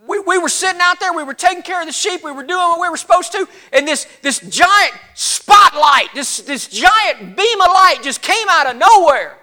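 A man voicing an excited rough shepherd with a Southern accent, stammering and insistent, his voice cracking. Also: very high-pitched, normal speed, hardly any pauses, voice pushed up, full character voice. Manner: stammering, insistent, shouting at times. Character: excited rough male shepherd, breathless with news.

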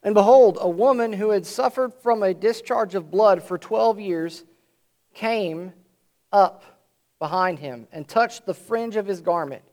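A man preaching a sermon in an earnest way, slowing down and swelling his voice to stress a point, and reading scripture aloud between his explanations. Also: sits high, darkish tone.

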